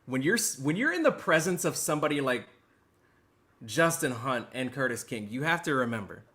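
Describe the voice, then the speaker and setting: Male reaction host, sharp bright voice, ironic over-the-top apologies, stammers and jumps between shouting and mumbling. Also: medium pitch, sing-song, normal speed. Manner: mock-apologetic, stammering, swings between loud and hushed. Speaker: channel host reacting to clips. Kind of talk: sarcastic reaction commentary.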